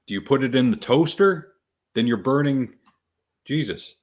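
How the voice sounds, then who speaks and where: A man co-hosting a casual podcast, reading out superstitions with deadpan, sarcastic asides. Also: medium pitch, moderate pace. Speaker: podcast co-host.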